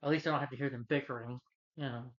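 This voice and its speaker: Casual male film reviewer, mid-pitched, loose rambling delivery, dull lo-fi sound. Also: steady tone, very fast, fairly bright tone. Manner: rambling, full of "you know" and "he's like". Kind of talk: casual movie review and plot recap.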